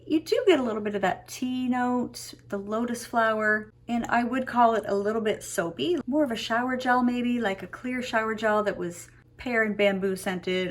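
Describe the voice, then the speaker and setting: A young woman talking to the camera in a casual perfume review, gushing and emotional about the scents she loves. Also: mid-range voice.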